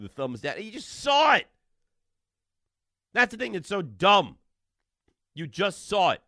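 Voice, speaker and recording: Animated combative sports radio host, man. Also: mid-range voice, no room sound, studio quality. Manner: animated, loud and combative with callers.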